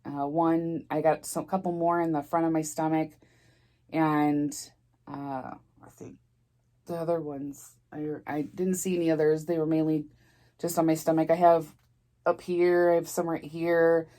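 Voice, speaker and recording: A middle-aged woman with a low voice tells her story casually to camera. She rambles and restarts, sounding close to tears. It is a plain storytime vlog delivery. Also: flat delivery, dark tone. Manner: rambling, halting, emotional, restarts often. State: tearful, near crying. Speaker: vlogger.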